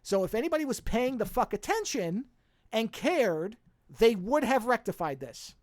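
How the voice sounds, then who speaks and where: A podcast co-host chatting casually with a friend. The delivery rambles and restarts often, and the pitch swings widely. The recording is dry and close, with no room sound. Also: normal speed, no echo. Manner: animated, rambling, frequent restarts.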